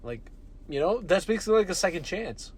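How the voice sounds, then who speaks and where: A young man in his early twenties chatting casually on a podcast, rambling excitedly through speculative ideas. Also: high-pitched, fairly quick, slightly rough. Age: young adult. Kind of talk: casual chat.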